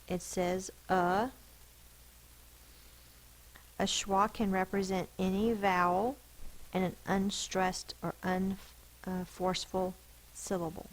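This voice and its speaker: A woman's voice: medium pitch, flat delivery, a little slow, a little hiss or hum, rough recording. A woman teacher giving a spelling lesson to children, sounding out letters and syllables one by one.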